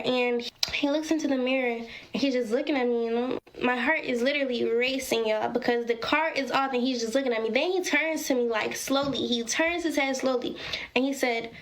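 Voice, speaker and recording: A woman's voice: sits high, moderate pace. A woman casually telling a personal story, dramatic and talking straight to her viewers. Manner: dramatic, addresses viewers as y'all.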